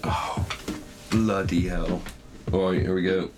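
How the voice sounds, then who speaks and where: A hungover man, co-hosting a podcast, reading scripture slowly and stumbling, laughing and swearing casually between verses. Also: low voice, fairly even intonation, over music. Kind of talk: casual chat and slow halting reading.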